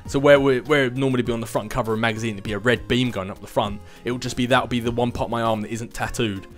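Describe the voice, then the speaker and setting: A man in his twenties speaks at a quick pace in a mid-range voice with fairly even intonation, faint music behind him. He's hosting a laid-back vlog, rambling through viewer questions and adding self-mocking remarks.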